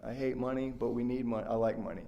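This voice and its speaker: A man's voice: mid-range voice, fairly even intonation, fast, gravelly, mellow. A man giving a rambling, heartfelt personal share as a speaker at a recovery workshop, full of fillers and restarts. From West Virginia.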